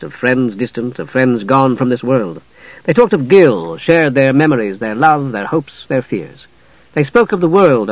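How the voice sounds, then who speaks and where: A man narrating a fantasy novel in a measured, even storytelling manner. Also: mid-range voice, dry recording, highs cut off. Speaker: audiobook narrator.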